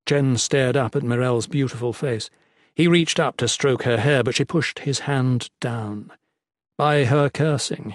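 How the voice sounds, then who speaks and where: A man narrating a fantasy audiobook in a steady, even voice of middle pitch. The sound is close and dry, with no room around it. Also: no echo.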